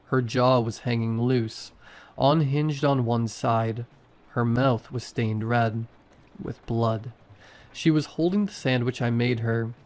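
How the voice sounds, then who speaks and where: Guy reading scary stories real slow, steady middle voice. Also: mid-range voice. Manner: slow, measured delivery. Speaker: storyteller. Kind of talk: scripted horror narration.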